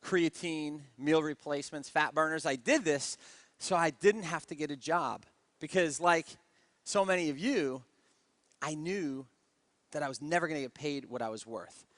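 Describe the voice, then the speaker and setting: A man, a network marketing speaker, telling his story in a lively motivational talk and often asking the audience questions. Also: on the high side, normal speed, no room sound. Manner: energetic storyteller who keeps asking the crowd.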